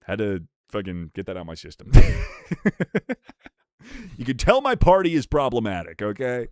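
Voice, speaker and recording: With huge pitch swings and a quick pace, a male streamer riffs with his viewers, rowdy, foul-mouthed, and joking, launching into rants. The recording is dry, with clean studio sound.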